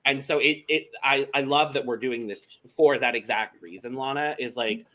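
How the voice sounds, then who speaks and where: Bright-voiced man co-hosting a podcast. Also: mid-range voice. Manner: candid, chatty, quick to agree. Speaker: podcast co-host. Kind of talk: casual podcast chat.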